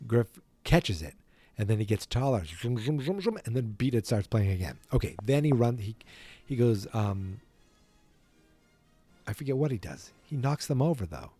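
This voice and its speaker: A man's voice: on the low side, animated, moderate pace, mellow, husky, soft background music. A man hosting a podcast, casually retelling a film from memory in a rambling, playful way that often corrects itself. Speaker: podcast host.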